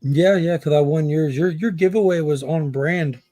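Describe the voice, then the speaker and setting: A man in casual livestream chat, telling a haggling story and acting out the quotes in an animated way. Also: a little high, normal speed, no room sound, clean studio sound. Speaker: comic collector guest.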